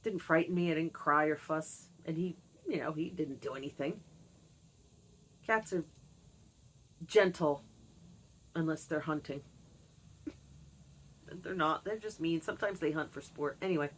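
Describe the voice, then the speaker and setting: A woman's voice: sits low, a little slow, pauses often, a little hiss or hum. A middle-aged woman talking candidly to camera about her childhood and her pets, reflective and confiding. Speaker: vlogger. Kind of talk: candid personal monologue.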